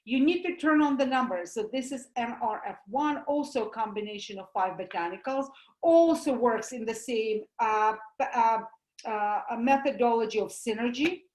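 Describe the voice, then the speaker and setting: A woman with a Russian accent gives a lively talk as a doctor, asking questions and answering them herself with homely comparisons. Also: fairly high pitch, moderate pace, roomy sound, poor audio. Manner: animated, uses homely comparisons, asks and answers her own questions. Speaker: doctor promoting supplements.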